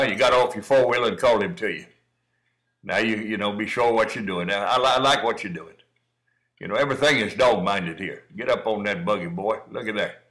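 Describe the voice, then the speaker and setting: Middle-aged guy with a bright forceful voice chatting folksy about training a cow dog, calls you son. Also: fairly low pitch, poor audio. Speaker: cowdog breeder commenting on training footage. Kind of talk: casual running commentary over video.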